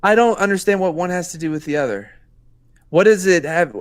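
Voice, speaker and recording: A man's voice: high voice, brisk, clean tone. A man joking around as a guest on a casual podcast. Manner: joking, animated.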